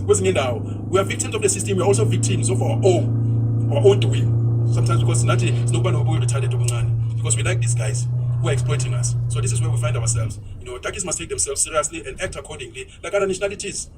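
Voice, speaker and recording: A man's voice: high voice, distant mic, noisy background. A South African man giving an opinionated monologue while driving, ranting and mixing in isiZulu phrases. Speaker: vlogger. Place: inside a moving car.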